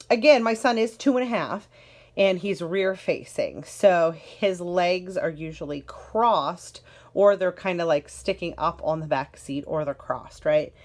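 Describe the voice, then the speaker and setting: A woman's voice: fairly low pitch, a little mellow. A woman giving a casual, enthusiastic product walkthrough as a parent, chatty and repeating words for emphasis. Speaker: parent reviewing a car seat.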